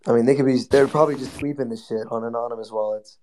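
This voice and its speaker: A man's voice: medium pitch, little pitch movement, very fast, hardly any pauses, mellow. A man co-hosting a crypto podcast, exasperated and scolding his partner in profane casual banter. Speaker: podcast co-host.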